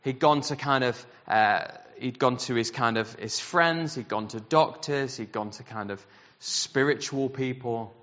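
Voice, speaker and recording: A man preaching a sermon, telling a story in an animated way and acting out the voices he quotes. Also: mid-range voice, a little slow. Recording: dull sound with long hall reverb.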